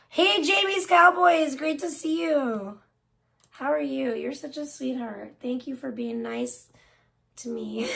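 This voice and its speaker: A woman with a high-pitched voice hosts a casual livestream. She cusses freely in everyday chat and drifts into sing-song baby talk with her cat, keeping the whole thing loose and offhand. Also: vocal fry. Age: adult, older than most of her chat. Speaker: livestream host.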